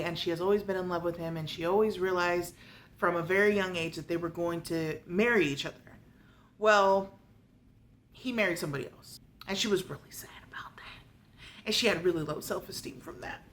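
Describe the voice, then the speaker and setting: A woman's voice: on the low side, a little hiss or hum. Woman giving a sarcastic book review. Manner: sarcastic, animated retelling.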